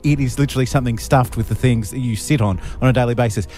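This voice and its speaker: A man's voice: medium pitch, fast talker, darkish tone, soft background music. A man with an Australian accent hosting a radio show, joking bluntly and sarcastically with his co-host and callers. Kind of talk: casual radio banter.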